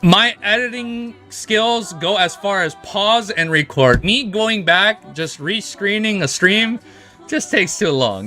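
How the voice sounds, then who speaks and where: An excitable man chats on his livestream with a high, bright voice that jumps all over the place. He rambles and swears casually, and some music plays faintly behind him. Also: measured pace. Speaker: livestream host. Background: faint background music.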